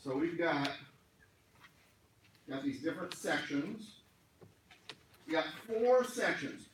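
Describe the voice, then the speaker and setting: Guy teaching a class, kinda high voice, roomy echo, picked up from across the room. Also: lively intonation, slow pace, recorded from a distance, slight background noise. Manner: conversational, joking asides, explains word by word. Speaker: class instructor. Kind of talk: classroom lecture. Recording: echoey room miked from afar.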